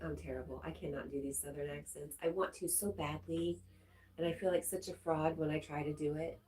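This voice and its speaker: Low, mellow-voiced woman chatting on a livestream. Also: a little fast, poor audio. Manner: relaxed, chatty, reads viewer comments aloud. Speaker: livestream host reading chat. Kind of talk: casual livestream chat.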